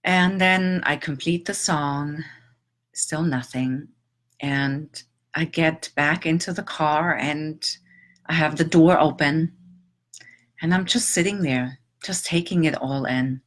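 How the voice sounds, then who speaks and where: A middle-aged woman telling a personal story in a reflective, halting, emotional way, with long pauses. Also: low-pitched. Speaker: transformational teacher.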